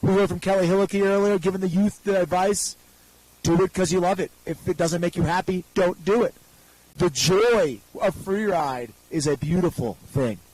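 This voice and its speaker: An upbeat male announcer calling a live freeride ski contest with quick, joking play-by-play. His voice sits high for a man. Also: a little mellow, no echo, rough recording. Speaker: event announcer.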